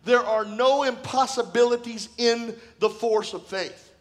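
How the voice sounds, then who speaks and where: A man pastor preaching a sermon in a church, telling personal stories in a conversational way that bursts into shouting and laughter. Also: extremely high pitch, measured pace. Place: church sanctuary.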